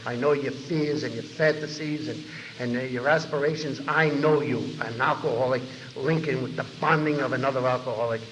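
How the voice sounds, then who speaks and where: Fast-talking New man in a hall. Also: mid-range voice, slight background noise. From New York. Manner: animated storyteller who acts out others' lines. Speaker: recovery meeting speaker. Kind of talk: storytelling talk to a large audience. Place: large convention hall. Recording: dull 1990 tape of a hall talk with long echo.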